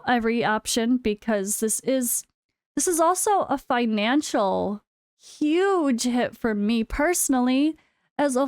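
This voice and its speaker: American woman, gaming creator, casual vlog chat, frank, sarcastic asides, smooth clear voice, dry close sound. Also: on the high side, dry recording. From United States. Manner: candid and unscripted, with wry sarcastic asides. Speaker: full-time gaming content creator.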